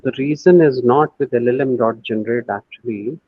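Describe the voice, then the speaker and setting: A man's voice: mid-range voice, a little fast, slightly rough, no echo, phone-quality sound. A man teaching a screen-share coding lesson, thinking aloud with many fillers and restarts. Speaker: AI course instructor.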